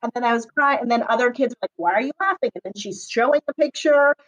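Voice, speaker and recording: A woman's voice: on the high side, fast talker, a bit bright, poor audio. A young woman, a public school teacher, answering interview questions casually with lots of fillers and frequent laughter. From Southern California. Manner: chatty, laughs often, many fillers.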